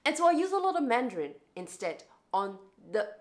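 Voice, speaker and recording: A woman's voice: a little high, very animated, brisk. A young adult woman vlogging to camera in a casual, reflective way, often restarting and repeating words.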